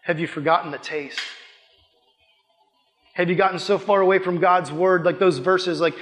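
High-voiced young pastor preaching in a hall. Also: male voice, steady tone, moderate pace, a bit bright, slight background noise. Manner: impassioned, conversational preaching with quoted asides. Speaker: youth pastor. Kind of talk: sermon.

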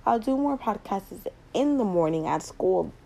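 A woman's voice: mid-range voice, expressive, a little slow, vocal fry, mellow, rough recording. A teenage girl hosting her first casual podcast late at night at home, rambling and repeating words with a giggly manner, recorded on a laptop mic. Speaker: podcast host.

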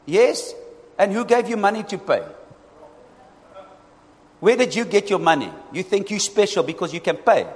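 A male pastor preaching a lively sermon, often calling out to his congregation for responses. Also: high-pitched, measured pace, long pauses. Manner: animated, asks the congregation for responses. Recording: long reverb in a hall.

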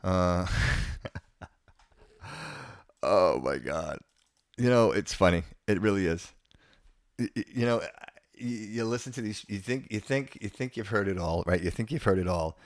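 A man's voice: on the low side, expressive, a little slow, pauses often, no room sound. Man, podcast host, indignant rant, stammering restarts, dry close sound. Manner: stammering, repeats words and restarts phrases; opinionated and indignant. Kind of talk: casual opinion rant.

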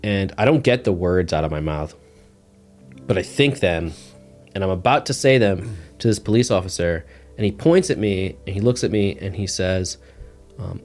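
A man's voice: sits low, normal speed, faint music behind. A man sharing a personal testimony as a guest in a casual, rambling way, full of "like" fillers. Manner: relaxed, rambling, heavy use of "like" fillers. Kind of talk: casual storytelling interview.

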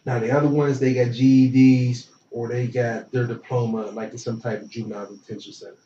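An animated young man who tells stories from his small-town youth, switching into the voices of the people he describes. He sounds a bit distant from the mic in a roomy space, with a dull, muffled tone and faint noise behind him. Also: medium pitch, fairly quick. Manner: animated, acts out voices in anecdotes. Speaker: interview guest. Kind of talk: casual storytelling. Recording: roomy, dull and slightly noisy.

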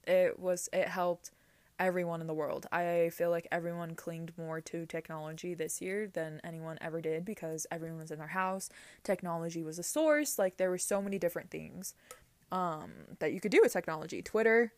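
A woman's voice: on the low side, moderate pace, darkish tone, no echo. A young woman hosting a casual solo podcast, chatty and giggly, rambling with lots of fillers. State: teary-eyed. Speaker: podcast host.

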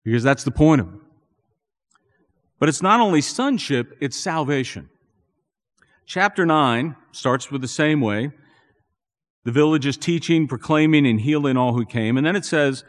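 A man preaching a sermon as a pastor, earnest and building to animated emphasis. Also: on the high side, moderate pace. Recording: long reverb in a church hall.

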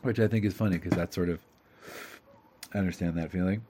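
A man teaching a lesson in an animated, chatty way, reading a story aloud, translating it and breaking into asides. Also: low voice, fast, background noise.

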